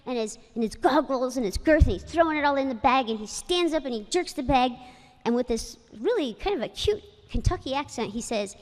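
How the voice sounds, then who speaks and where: A woman's voice: high-pitched, animated, brisk, faint music behind. A woman giving a personal ceremony speech, telling stories in a chatty way with many fillers. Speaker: inductee speaker, former jockey. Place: ceremony hall. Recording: long hall reverb.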